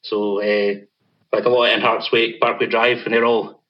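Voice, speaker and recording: A man's voice: fairly low pitch, level tone, normal speed, highs cut off. A man with a Scottish accent, a band vocalist guest, talking in a laid-back, rambling way with many fillers. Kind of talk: casual interview chat.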